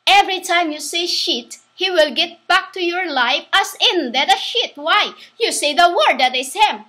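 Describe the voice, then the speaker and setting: A woman giving a rambling religious monologue, halting and restarting, spelling words out letter by letter. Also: very high-pitched, expressive, sharp tone. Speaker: self-styled preacher.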